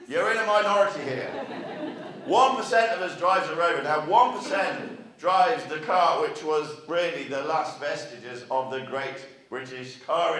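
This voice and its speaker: A man's voice: a little high, fairly bright tone. A man giving a marketing speech to a live audience at a regional meeting, chatty and full of rhetorical questions put to the room. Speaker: marketing speaker. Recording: echoey hall, mic far off.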